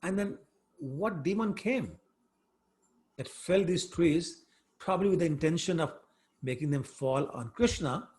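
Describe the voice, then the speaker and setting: A man teaching a scripture class, telling the story in an animated, conversational way with frequent fillers. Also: a little high, a little slow, long pauses.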